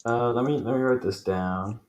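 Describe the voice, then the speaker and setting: A man playing in a tabletop game, joking and firing off quick questions. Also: medium pitch, darkish tone. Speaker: player. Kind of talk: casual play at a tabletop game. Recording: roomy echo.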